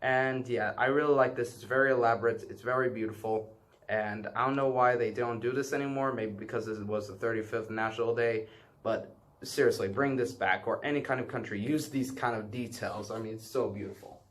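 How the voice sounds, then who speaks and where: Man, mid-pitched, casual collection vlog, halting and rambling, lots of uhs. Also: steady tone, fairly bright tone. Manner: rambling and hesitant, many filler sounds and self-corrections; apologetic about what he does not know. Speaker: vlogger showing his banknote collection. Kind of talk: casual show-and-tell.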